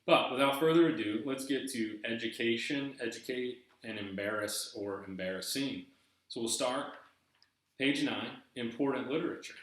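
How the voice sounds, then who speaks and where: A man's voice: medium pitch, moderate pace, fairly bright tone. A man from eastern North Carolina with a Southern accent, hosting a casual video and rambling with many fillers and restarts. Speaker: YouTube host. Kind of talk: casual vlog commentary. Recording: very echoey room.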